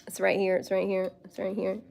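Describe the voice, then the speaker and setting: A woman's voice: mid-range voice, monotone, a little fast, vocal fry, a little mellow. A Scottish woman hosting a casual livestream, bubbly and laughing often as she chats to viewers by name. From Scotland. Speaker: livestream host. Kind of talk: casual live chat with viewers.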